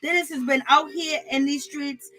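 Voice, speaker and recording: A woman hosts a casual reality-TV review, talking in a loose, gossipy way and laughing often. Her voice sits high. She keeps her tone animated and chatty throughout. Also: moderate pace. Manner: animated, gossipy, laughs often, African American Vernacular phrasing. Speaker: reality TV reviewer and channel host. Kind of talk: casual commentary, live-chat shoutouts.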